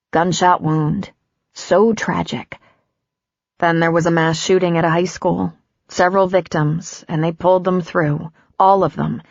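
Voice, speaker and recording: A woman narrating an audiobook in a measured, even storytelling voice. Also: low-pitched, vocal fry, dry recording, highs cut off. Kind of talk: scripted narration.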